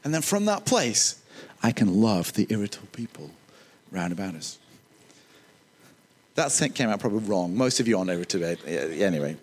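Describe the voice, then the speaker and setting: A man preaching a sermon, animated, with joking, self-deprecating asides. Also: on the low side, a little fast, long pauses.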